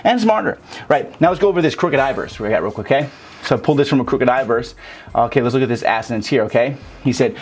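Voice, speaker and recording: A man's voice: on the high side, lively intonation, fast. A young man giving a loose, casual rap lesson, cursing freely and breaking lyrics down vowel by vowel. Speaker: rap teacher. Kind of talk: casual tutorial talk.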